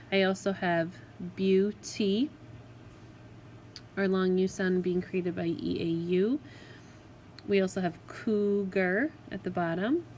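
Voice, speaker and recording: A woman teacher giving a recorded spelling lesson to children, patient and clear, sounding out words syllable by syllable. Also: mid-range voice, a little mellow, a little hiss or hum, rough recording. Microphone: tablet microphone.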